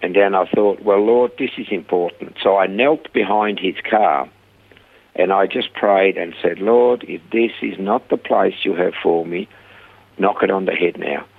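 A man's voice: low voice, unhurried, vocal fry, narrow, tinny audio. An older man with a Swiss accent, telling his life story in an interview and acting out the dialogue. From Switzerland.

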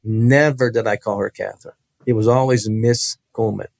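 A man telling a personal story as an interview guest, animated and emphatic, often repeating phrases. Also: fairly low pitch, normal speed, creaky, dry recording.

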